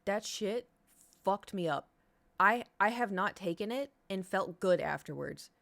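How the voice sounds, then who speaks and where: A woman chats to her live-stream audience in a loose, rambling way. She speaks candidly and swears freely. Her voice sits at an ordinary middle pitch. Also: animated, unhurried, gravelly, fairly bright tone. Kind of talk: casual live-stream chat.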